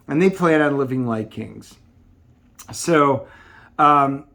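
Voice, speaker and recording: Man reviewer, slightly high voice, loose rambling comic recap full of fillers. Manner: rambling, filler-heavy summarizing. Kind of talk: casual plot recap.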